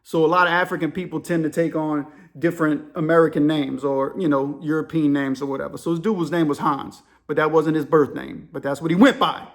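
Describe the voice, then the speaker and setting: Casual male storyteller with a high-set voice, animated narration. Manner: animated, quick shifts between narration and voices. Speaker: storyteller host.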